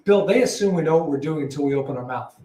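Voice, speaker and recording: A man talks calmly and plainly about his work, often circling back in short repeated phrases. His voice sits slightly high. He sounds a little away from the mic, in a roomy, echoey space. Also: quick pace, far from the mic, a little hiss or hum. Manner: calm, matter-of-fact, repeats himself in short phrases. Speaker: probate real estate broker, guest. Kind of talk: conversational interview. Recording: roomy echo, voice a bit off-mic.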